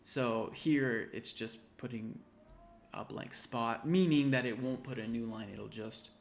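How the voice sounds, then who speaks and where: This is a screen-recorded coding walkthrough by a man tutoring an intro programming class, who thinks aloud in a casual way and corrects himself while typing. His mid-range voice is creaky and measured in pace, with a little hiss or hum and keyboard clicks in the background.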